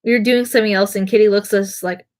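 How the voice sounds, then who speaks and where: A woman's voice: medium pitch, steady tone, quick pace. A young woman streamer telling stories in a casual, rambling way, mocking herself and laughing as she goes. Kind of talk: casual storytelling.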